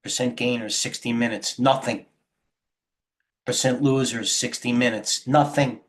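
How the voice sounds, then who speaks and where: Tired middle-aged host who rambles through live market commentary, ticker after ticker. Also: male voice, medium pitch, fairly even intonation, a little slow. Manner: rambling, off-the-cuff, jumps between stock tickers. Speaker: trading stream host.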